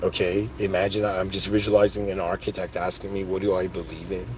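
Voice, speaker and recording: A man hosting his own podcast, rambling excitedly through spiritual ideas in a casual monologue, full of "dude" and "like". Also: low-pitched, fast talker, slight background noise. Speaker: podcast host.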